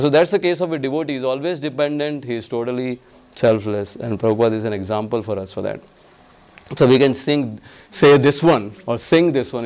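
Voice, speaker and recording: Leading a devotional lesson, the speaker voices the people he quotes, chants verses at a slow pace, and stays emphatic and repetitive throughout. His voice is medium in pitch and a little mellow.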